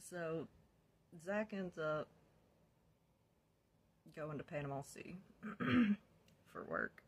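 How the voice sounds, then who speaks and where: A woman's voice: sits low, expressive, drawn-out words, long pauses, breathy edge. A woman casually telling her own life story, candid and blunt, swearing freely and laughing often. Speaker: vlogger sharing her recovery story.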